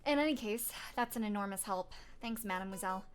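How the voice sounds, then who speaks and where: A woman voicing an earnest young male bird lawyer, measured and polite. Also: mid-range voice, slight background noise, close to an everyday voice.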